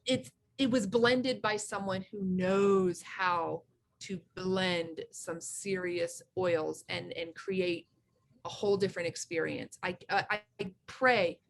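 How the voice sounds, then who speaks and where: A woman's voice: fairly low pitch, fairly even intonation, slow pace, creaky. Effusive woman chatting casually. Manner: effusive, enthusiastic, restarts often. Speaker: co-host. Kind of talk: casual chat.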